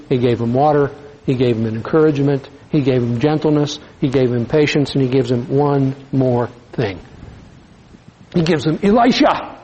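Male preacher, relaxed and folksy, soft-spoken emphasis. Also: fairly high pitch, slightly rough, lo-fi sound. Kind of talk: sermon.

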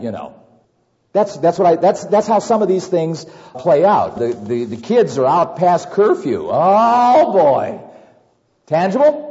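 Male pastor, sermon delivery, mellow tone, very lively pitch, dull lo-fi hall recording with long reverb. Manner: animated, acts out worried scenarios with repetitions.

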